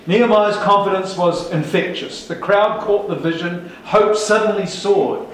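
A man's voice: high voice, steady tone, a little slow, a little hiss or hum. A man preaching a sermon as pastor, emphatic and rousing, with rhetorical questions to his congregation. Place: large church hall. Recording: echoey hall, speaker far from mic.

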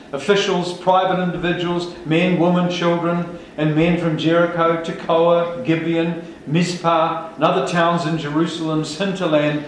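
A man's voice: on the high side, slight background noise. A man preaching a sermon as pastor, emphatic and rousing, with rhetorical questions to his congregation. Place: large church hall. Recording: echoey hall, speaker far from mic.

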